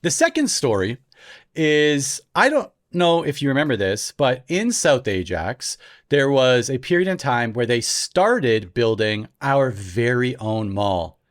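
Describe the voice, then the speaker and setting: A man, a podcast host telling a story in a lively way and laughing often as he goes. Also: mid-range voice, unhurried. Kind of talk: casual storytelling.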